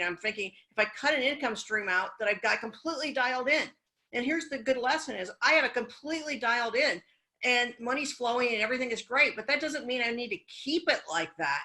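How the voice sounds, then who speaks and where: A woman guest talks casually on a business podcast. Her voice is bright and forceful, and her delivery is chatty, frank and encouraging. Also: fairly high pitch, lively intonation, fast talker, rough recording.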